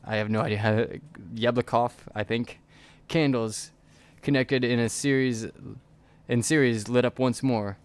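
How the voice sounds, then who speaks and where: A man's voice: medium pitch, steady tone, smooth. Man reading a game aloud, stumbling. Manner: reads quickly with frequent stumbles. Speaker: let's player.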